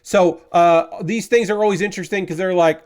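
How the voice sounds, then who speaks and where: A man's voice: sits high, fairly even intonation, moderate pace, darkish tone. A man live-streaming while he builds model kits, talking casually and rambling, with lots of fillers and some swearing. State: frustrated.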